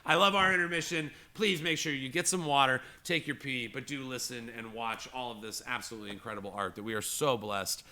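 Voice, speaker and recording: A man narrating a tabletop game as game master, animated and loose, casually swearing. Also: medium pitch, a little fast, hardly any pauses.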